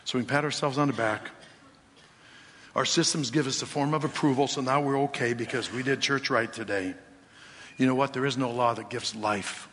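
A man's voice: medium pitch, fairly even intonation, moderate pace, fairly bright tone, a little hiss or hum. A man preaching a sermon as a pastor, talking directly and challenging the congregation with rhetorical questions, heard in a church sanctuary. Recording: long reverb of a church hall.

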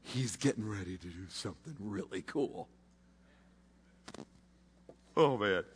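Slow, impassioned preacher in an echoing hall. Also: male voice, fairly low pitch, lively intonation, a little hiss or hum. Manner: impassioned, swinging from loud to hushed with slow dramatic pauses. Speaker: pastor. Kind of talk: sermon. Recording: long reverb of a large hall.

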